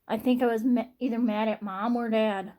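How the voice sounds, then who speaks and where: Young woman vlogger, slightly high voice, halting and repetitive, sighs a lot. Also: steady tone, mellow. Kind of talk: personal vlog monologue.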